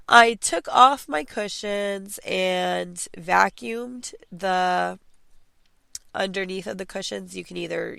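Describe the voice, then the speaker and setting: A woman's voice: on the low side, gravelly, fairly bright tone, no echo. A young adult woman hosting a casual clean-with-me podcast from home, chatty and encouraging, with many fillers and restarts. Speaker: podcast host.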